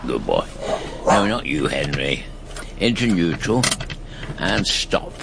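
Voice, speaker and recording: A man's voice: low-pitched, very animated, slow pace, gravelly, very noisy, full character voice. An older man playing a fussy, theatrical grandfather in a radio comedy. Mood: instructing. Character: fussy polite elderly grandfather.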